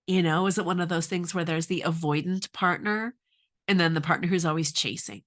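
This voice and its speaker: In a lowish, brisk voice with fairly even intonation, a middle-aged woman coaches on relationships. She earnestly poses many questions and recounts personal experience.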